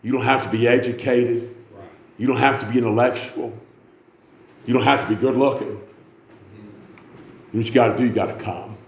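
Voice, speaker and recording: Fervent preacher in an echoey church. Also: male voice, a little fast, creaky, pauses often. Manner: swings from quiet storytelling to shouted, high-pitched fervor. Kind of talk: revival sermon.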